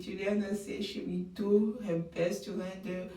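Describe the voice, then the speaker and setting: A woman giving opinionated, animated commentary on a reality show, sometimes mocking the people she talks about. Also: medium pitch, measured pace, slight background noise. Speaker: reality TV recap vlogger. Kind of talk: casual commentary. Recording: roomy sound, mic at a distance.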